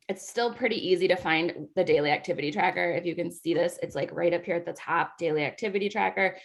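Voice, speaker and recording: Chatty woman with a gravelly voice. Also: mid-range voice. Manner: chatty, with many "like" and "um" fillers. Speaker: team coach leading a new-coach training call. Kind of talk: casual training talk over a video call.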